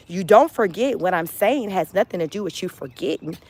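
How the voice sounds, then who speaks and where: A woman's voice: lowish voice, lively intonation, brisk, few pauses, a little mellow. Emphatic woman on a motivational livestream. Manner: emphatic, repeats phrases, laughs often. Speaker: livestream host. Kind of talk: casual motivational livestream talk.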